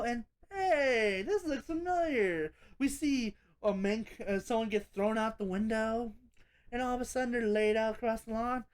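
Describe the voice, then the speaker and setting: A woman talking through a horror movie review in a loose, casual way. She rambles and restarts, laughs often and swears freely as she picks apart the film. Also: on the high side.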